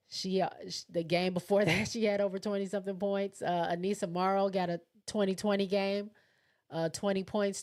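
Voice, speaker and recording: A woman's voice: medium pitch, darkish tone, clear, resonant tone. Woman rambling casually on a livestream, reading comments, lots of ums. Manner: chatty, loose, thinking aloud with fillers and laughs. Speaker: livestream host.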